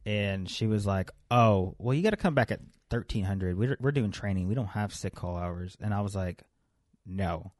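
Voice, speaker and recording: A man's voice: on the low side, normal speed, darkish tone, dry recording. A young man casually telling a long, profane story on a podcast and acting out the people in it. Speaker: podcast co-host.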